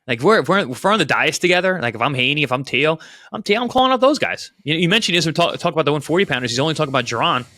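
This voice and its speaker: A man, a former pro boxer, talking boxing in a casual podcast chat, and his voice jumps up when he gets excited. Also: fairly high pitch, very fast, no room sound, clean studio sound.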